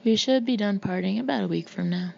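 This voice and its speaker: A woman reading the part of a loud, boastful Marine colonel who mocks everyone around him. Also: mid-range voice, a little fast, vocal fry, lo-fi sound, a little hiss or hum. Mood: mocking. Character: brash hulking male Marine colonel, swaggering.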